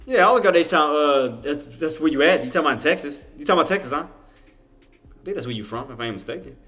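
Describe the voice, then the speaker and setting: Man, cajun louisiana accent, livestream trading commentary, chatty, excitable, southern slang. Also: on the high side, quick pace, soft background music.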